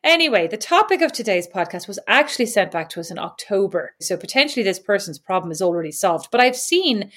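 A woman co-hosting a conversational podcast, bantering and telling everyday stories with a playful, teasing edge. Her voice sits at a middle pitch, relaxed and chatty. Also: fast talker, hardly any pauses. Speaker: podcast co-host. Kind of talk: casual chat.

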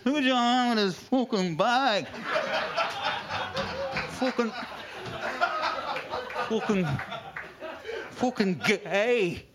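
A comedian in his fifties doing stand-up, ranting loudly with sudden quiet asides. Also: extremely high pitch, very slow, pauses often, over a noisy crowd. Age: 50s. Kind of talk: stand-up set. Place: comedy club stage. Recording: live club with audience. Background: audience laughter.

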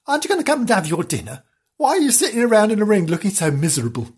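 A woman's voice: mid-range voice, very animated, rapid-fire, a little mellow, husky, pitched above the performer's own voice. A woman doing an indignant, puzzled male creature.

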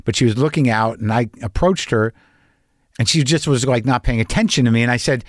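In clean studio sound with no echo, a man hosting a podcast talks quickly in a mid-range voice. His casual monologue wanders, stops and starts, and is peppered with profanity.

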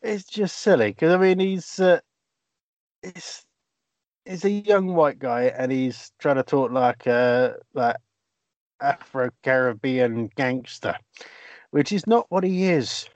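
A man's voice: mid-range voice, takes it slowly, darkish tone, no echo. A man hosting a comedy podcast, wry and laughing often as he reads out news stories. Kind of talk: comic banter. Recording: dry, dull lo-fi sound.

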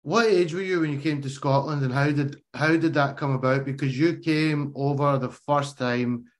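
A man's voice: fairly high pitch, steady tone, moderate pace. A man interviewing a former teammate, asking friendly questions in casual chat.

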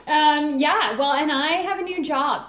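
High-voiced woman in an echoey room. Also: measured pace, a bit bright. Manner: playful, short reactions. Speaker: departing podcast co-host. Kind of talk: casual chat.

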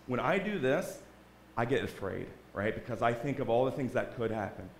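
A man's voice: mid-range voice, sing-song, normal speed, vocal fry, echoey room, slight background noise. A man giving an earnest church testimony to a congregation, often checking in with "right?". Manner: earnest, keeps asking "right?". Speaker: guest speaker giving a testimony. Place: church sanctuary.

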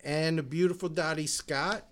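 A man's voice: fairly high pitch, steady tone, normal speed, a bit bright. A man co-hosting a podcast in casual banter, teasing and joking, with frequent ums. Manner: jokey, teasing, hesitant with many ums. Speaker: podcast co-host.

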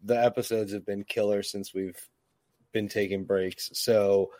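A man's voice: lowish voice, little pitch movement, measured pace, darkish tone, no room sound. Guy cohost cracking crude jokes over a movie, casual podcast chat. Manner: crude, jokey banter. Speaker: podcast co-host.

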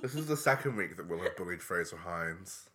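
A man's voice: sits low, expressive, a little fast, pushed and bright. A man co-hosting a podcast in casual chat, chatty and giggly. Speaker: podcast co-host.

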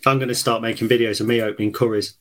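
A man's voice: medium pitch, little pitch movement, rapid-fire. A man co-hosting a football podcast, blunt and contrarian in a sarcastic way. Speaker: podcast co-host. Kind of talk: casual chat.

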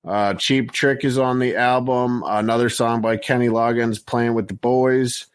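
A man's voice: mid-range voice, a little slow, clean tone, no echo. A man hosting a podcast, reading out song lists with frequent fillers in casual chat. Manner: steady, list-reading with many fillers. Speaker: podcast host.

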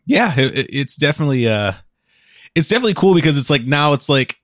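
A man's voice: fairly high pitch, sing-song, fast, no echo, studio quality. A man hosting his podcast in casual chat, rambling with many restarts, his voice a bit muffled as he chews food. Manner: rambling, restarts a lot, chuckles. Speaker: podcast host.

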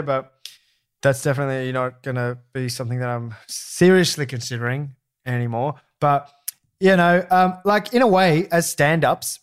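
A man, a stand-up comedian hosting a podcast, chatting casually and making playful jokes. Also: clear, resonant tone. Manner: playful, jokey, pitch jumping about. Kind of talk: casual chat.

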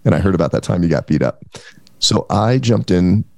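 A man with a very deep, gravelly voice tells his story as a podcast guest, lively and bouncing into other people's voices. The sound is close and dry, with no room around it. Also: brisk, no room sound. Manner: animated, acts out quoted voices. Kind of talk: casual storytelling.

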